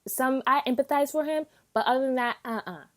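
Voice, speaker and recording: A woman with a voice that sits high rants casually and unscripted while reviewing an anime. She's animated and emphatic, swears often, and acts out her reactions in quick bursts.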